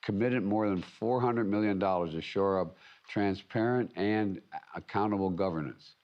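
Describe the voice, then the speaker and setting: An older American man delivering a formal prepared speech as head of state, emphatic and measured, often restarting and repeating words. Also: fairly low pitch, muffled recording. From United States. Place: conference venue.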